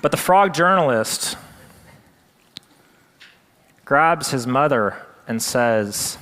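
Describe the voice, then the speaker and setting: A male presenter telling a story with animated, dramatic delivery. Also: medium pitch, drawn-out words, pauses often, long reverb tail.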